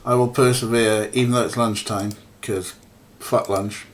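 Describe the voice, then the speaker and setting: A man's voice: fairly low pitch, fairly even intonation, a little slow, slight background noise. Mumbling male game streamer. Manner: muttering, swearing, mumbled asides. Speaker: let's play streamer. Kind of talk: casual game commentary.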